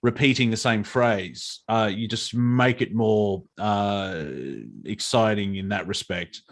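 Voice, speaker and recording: A man's voice: on the low side, steady tone, takes it slowly. A man with an Australian accent, co-hosting a casual comedy chat in a rambling, profane, self-mocking way. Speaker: co-host, comedian and audiobook narrator.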